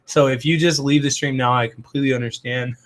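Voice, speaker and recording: A raspy-voiced man hosts a loose livestream at an average male pitch. He rambles through his thoughts, filling the gaps with "um" and "like", and answers viewer comments as they come in. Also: fairly even intonation, fast talker. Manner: rambling, heavy on "um" and "like". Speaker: livestream host. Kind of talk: casual livestream chat.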